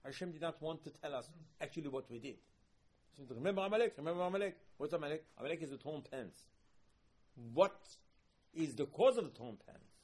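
A man giving a sermon, telling stories in an animated way, repeating phrases for emphasis and raising his voice in loud bursts. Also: fairly high pitch, brisk, slightly rough. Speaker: rabbi teaching.

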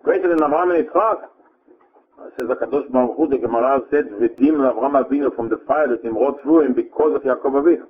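A man gives a Torah lecture at a mid pitch, explaining Hebrew verses line by line. He often stops and restarts his sentences. The sound is narrow and tinny, like a phone line. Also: quick pace. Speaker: rabbi teaching Torah.

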